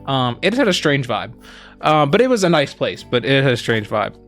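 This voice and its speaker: A man casually telling a long story on a stream, rambling with lots of fillers and quoting the people he met, animated as he retells it. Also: medium pitch, moderate pace, faint music behind. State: injured foot, on crutches. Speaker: streamer co-host.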